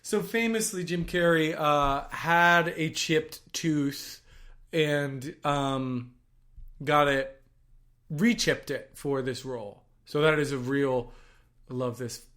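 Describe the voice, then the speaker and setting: A man who works as an actor and writer, giving casual watch-along commentary on a film in an excitable, gushing way that bursts into yelling. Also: a little high, slow pace.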